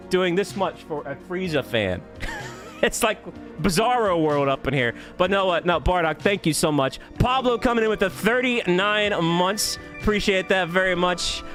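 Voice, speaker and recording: A man streaming live, cheerfully greeting viewers by name and thanking them with quick laughs. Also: sits high. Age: adult. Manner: upbeat, rapid shout-outs with laughs. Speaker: YouTube streamer.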